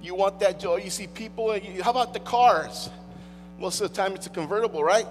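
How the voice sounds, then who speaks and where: High-voiced emphatic man preaching. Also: fairly quick. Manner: emphatic, wry and conversational. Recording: long hall reverb, faint mains hum.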